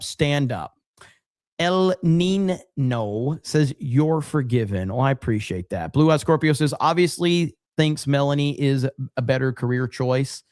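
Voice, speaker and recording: A man hosting a livestream, reading viewer messages aloud in loose, profane casual chat. His voice sits slightly high, and the sound is dry and close. He laughs often between reads. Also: clean tone, dry recording. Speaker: livestream host.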